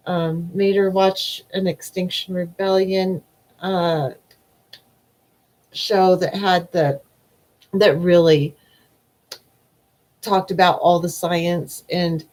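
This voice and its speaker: Slow, rambling woman live-streaming. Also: medium pitch, a little mellow, low-quality recording. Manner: rambling, emotional, trails off with repeated "I don't know". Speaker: livestream host. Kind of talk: live stream chat reading comments.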